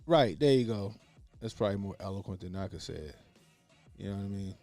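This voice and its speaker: A man's voice: lowish voice, lively intonation, fairly quick, a little mellow, faint music behind. A man talking in casual opinionated commentary, blunt and profane, repeating his points for emphasis. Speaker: podcast co-host.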